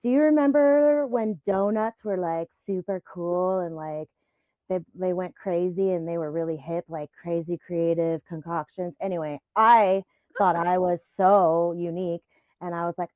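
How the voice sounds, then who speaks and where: Animated woman on a tinny phone line. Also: on the low side, normal speed, dry recording. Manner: animated storyteller who laughs often. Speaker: guest, event business founder. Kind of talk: casual podcast conversation.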